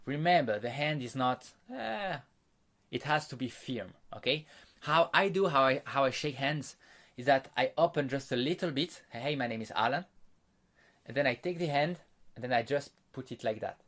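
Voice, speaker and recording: A man's voice: mid-range voice, fairly bright tone. Man teaching a social skills course. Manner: explanatory, unhurried, frequent fillers and restarts; walks listeners through exercises and demonstrations. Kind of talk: online course lecture.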